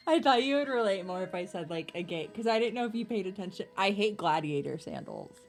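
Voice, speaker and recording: A young woman co-hosting a podcast in casual chat, blunt, swearing casually and laughing loudly. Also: mid-range voice, lively intonation, fairly quick, gravelly. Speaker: podcast co-host.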